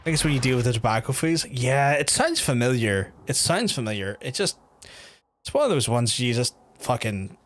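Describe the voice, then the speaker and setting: A man's voice: medium pitch, lively intonation, moderate pace, a bit bright, slight background noise. A man streaming a video game, chatting casually and swearing often while he talks over the play. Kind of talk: casual gameplay commentary.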